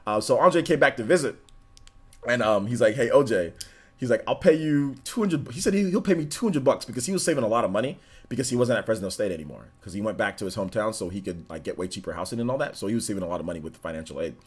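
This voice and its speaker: Streamer host, man in his thirties, casual slangy storyteller, very lively pitch. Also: quick pace, husky. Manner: animated storytelling, slangy and rambling. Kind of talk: casual livestream chat.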